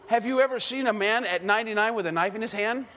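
A man preaching a sermon in an animated way, firing rhetorical questions at the congregation. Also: high-pitched, quick pace, a little hiss or hum. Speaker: pastor.

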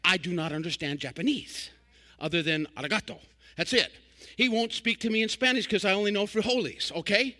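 Older male evangelist, high ringing voice, folksy and animated preaching. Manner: folksy, animated preaching with sudden loud bursts and quick asides. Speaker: traveling evangelist. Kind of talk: sermon.

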